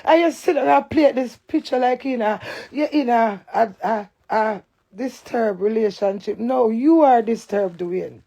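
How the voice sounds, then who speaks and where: A loud, cantankerous middle-aged Jamaican woman ranting on a live stream. Her voice is gravelly with a lot of fry, and she swears freely in thick patois. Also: fairly high pitch, unhurried. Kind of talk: heated live-stream rant.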